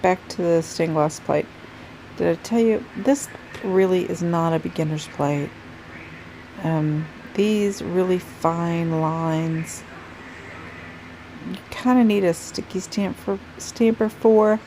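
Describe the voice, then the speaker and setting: A woman's voice: fairly low pitch, slow, warm tone, a little hiss or hum, rough recording. A woman vlogging casually about nail stamping from her home craft room, chatty and rambling, sounding sleepy. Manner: chatty, rambling, self-correcting. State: sleepy, yawning. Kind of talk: casual chat to camera.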